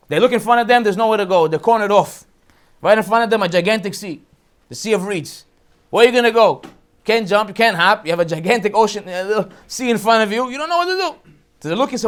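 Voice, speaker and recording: Rabbi guy teaching the weekly portion, super high voice, talks fast, hams up the story. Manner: animated storytelling, acts out quotes, jokes. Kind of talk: Torah portion lesson.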